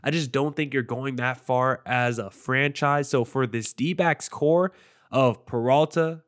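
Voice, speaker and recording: A man's voice: medium pitch, measured pace. Opinionated man talking baseball. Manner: opinionated, conversational. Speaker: sports show host. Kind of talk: casual baseball analysis monologue.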